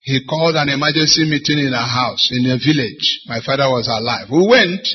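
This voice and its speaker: Man, husky, dramatic sermon storytelling, dull lo-fi sound. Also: medium pitch, a little fast. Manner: dramatic storytelling, acts out dialogue. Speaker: bishop preaching. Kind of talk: sermon with personal testimony.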